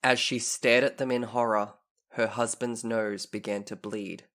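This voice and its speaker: A man with a gravelly, creaky voice hosts a relaxed chat podcast. He reads eerie internet stories in a mock reporter tone and gets animated when he reacts to them. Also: medium pitch, measured pace. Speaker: podcast co-host. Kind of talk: casual chat and dramatic story reading.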